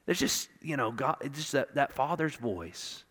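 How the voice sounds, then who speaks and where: In a large hall with long reverb, a male pastor preaches an impassioned sermon, moving between loud declarations and hushed, intimate moments and repeating words for emphasis. His medium-pitched voice is expressive and moderately paced.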